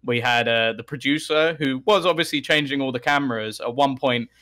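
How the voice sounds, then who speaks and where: A young man, an esports caster, telling anecdotes in a casual podcast chat, animated, with laughs and frequent restarts. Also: mid-range voice, fairly quick.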